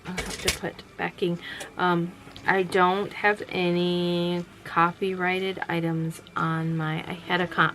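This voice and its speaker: Her voice is on the low side with little pitch movement, and she talks slowly over poor-quality audio. A weary vlogger who runs a small sewing business, she rambles casually in her home workroom late at night, with plenty of fillers and false starts.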